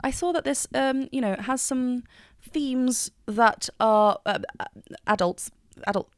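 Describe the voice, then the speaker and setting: A woman's voice: a little high, slow pace, clear, resonant tone, no echo, studio quality. A woman vocal coach giving enthusiastic, technical reaction commentary, singing short examples now and then.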